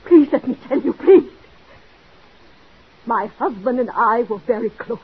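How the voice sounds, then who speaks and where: A woman's voice: on the high side, unhurried, breathy edge, exaggerated voice. A woman playing a desperate, jealous married woman in an old radio drama, pleading and overwrought, on a dull old recording. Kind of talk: 1940s radio drama acting.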